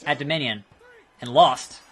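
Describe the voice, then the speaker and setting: A man casually commenting while playing a wrestling video game, chatty and quick to react out loud. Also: medium pitch. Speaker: gaming video host. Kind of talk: casual let's play commentary.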